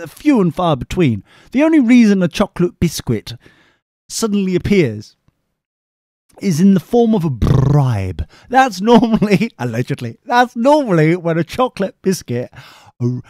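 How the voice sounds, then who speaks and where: A podcast host with a high-pitched, slightly mellow voice rambles through a comic story, chatty and self-mocking, tossing sarcastic asides to the listener. The sound is clean studio audio with no echo.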